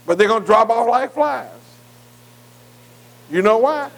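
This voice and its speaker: A man's voice: very high-pitched, lively intonation, measured pace, poor audio. A man teaching a Bible class in sermon style, earnest and plain-spoken, asking his listeners to fill in words and checking with them again and again. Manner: call-and-response fill-in questions; repeated "am I right?" checks with listeners.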